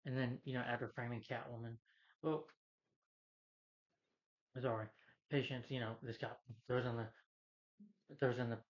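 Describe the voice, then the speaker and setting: A man rambles through a casual movie recap, stacking fillers and restarting his sentences as he goes. His voice sits at an ordinary middle pitch. The recording sounds dull and lo-fi. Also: flat delivery, normal speed, pauses often. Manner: rambling, filler-heavy retelling with many restarts. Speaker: film reviewer.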